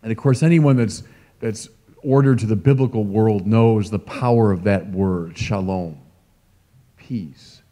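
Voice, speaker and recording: A middle-aged man, a bishop, preaching a sermon in an emphatic, lively way with asides to the congregation. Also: fairly low pitch, normal speed. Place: large church. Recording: long church reverb.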